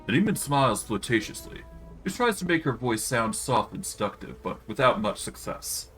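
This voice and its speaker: A man streaming a video game, reading its narration aloud in a lively way. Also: medium pitch, moderate pace, soft background music.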